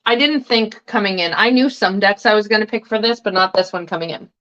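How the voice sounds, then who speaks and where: A woman's voice: medium pitch, fairly quick, fairly bright tone, highs cut off. Casual swearing woman chatting on a livestream. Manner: chatty, eats while talking, swears casually. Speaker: tarot livestream host.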